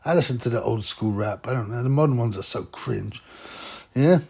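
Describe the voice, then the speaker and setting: A man rambles through casual boxing commentary with a gravelly, fry-laden voice. He is blunt and mocking, and his pitch sits in an ordinary middle range. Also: normal speed, a little mellow. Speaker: boxing vlogger.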